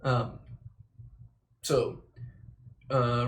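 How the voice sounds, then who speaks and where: A man chatting casually on a livestream, self-deprecating and dropping the odd mild swear word. His voice sits in an ordinary middle pitch. Faint background noise and mouse clicks can be heard behind him. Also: moderate pace, vocal fry, long pauses. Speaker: livestreamer memorizing a play.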